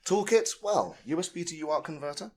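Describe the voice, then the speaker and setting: A man's voice: a little high, expressive, fast, darkish tone. A man giving a conference talk, casual and rambling, full of fillers and tag questions. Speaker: conference speaker. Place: conference room.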